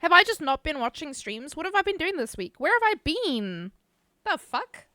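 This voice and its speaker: A woman's voice: high-pitched, big pitch swings, moderate pace, bright, forceful tone, dry recording. A woman streamer chatting casually with her live chat, laughing often, swearing casually, and reading viewer names aloud.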